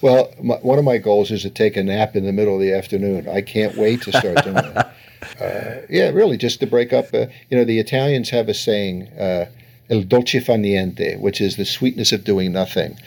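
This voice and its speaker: An older man, a family therapist giving interview answers, speaks at a moderate pace in a lowish voice with vocal fry. He tells anecdotes, voicing other people in quotes and laughing a lot as he talks.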